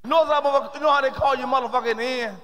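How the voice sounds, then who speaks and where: High-voiced profane stand-up comedian. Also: male voice, steady tone, very fast, bright, forceful tone, a little hiss or hum. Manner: punchy, heavily profane delivery. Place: stage with a live audience.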